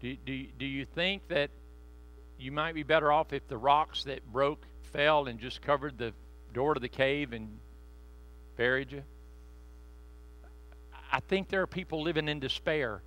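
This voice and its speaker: A man preaching a sermon in a conversational, joking way, slowing down to stress key phrases. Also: mid-range voice, fairly bright tone. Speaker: pastor.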